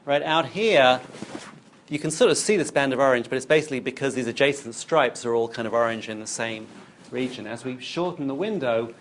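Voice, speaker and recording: A man's voice: medium pitch, brisk, slight background noise. A man giving a recorded university lecture, explaining while he demonstrates on screen and thinks aloud.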